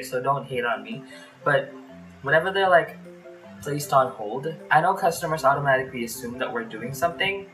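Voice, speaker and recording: A man from the Philippines telling call center stories in a casual vlog, chatty and full of fillers, recorded in a small warm bedroom with a fan running. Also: medium pitch, poor audio. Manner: chatty, lots of "like" fillers, acts out phone calls. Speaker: vlogger.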